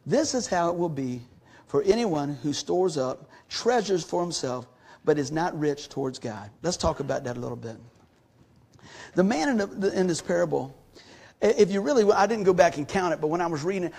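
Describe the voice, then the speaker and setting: A man preaching a sermon as pastor, folksy and animated, acting out everyday conversations as he tells stories. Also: on the high side, slightly rough. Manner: folksy, animated storytelling with acted-out dialogue.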